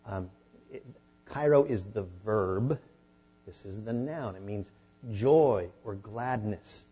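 A man preaching a sermon as a pastor, teaching a Bible passage in a conversational way and rising to animated emphasis at times. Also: fairly low pitch, slow pace, husky, lo-fi sound.

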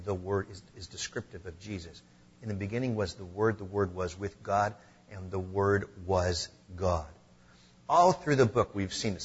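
A man preaching a sermon, earnest, with slow emphatic stresses. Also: fairly low pitch, slightly rough, lo-fi sound. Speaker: pastor.

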